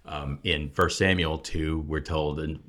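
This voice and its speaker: A man with a very low voice talks through scripture in a relaxed, explanatory way. He leans into key points with emphatic, preacher-like stress. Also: unhurried. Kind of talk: casual Bible discussion.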